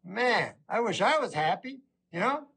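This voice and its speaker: Middle-aged male stand-up comic, rambling and deadpan, fairly high and bright-toned. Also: measured pace, creaky, breathy edge. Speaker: stand-up comedian. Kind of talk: stand-up comedy routine.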